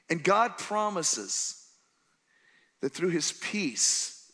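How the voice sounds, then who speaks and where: Male pastor, higher pitched and bright, animated storyteller who acts out characters mid-sermon.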